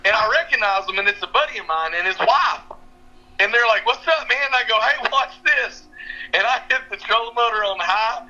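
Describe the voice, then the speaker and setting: A man's voice: sits high, brisk, pushed and bright. A young man with a drawl, laughing as he tells a fishing story over a call. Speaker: fishing guide and podcast regular. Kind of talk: casual storytelling. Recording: muffled phone-line call.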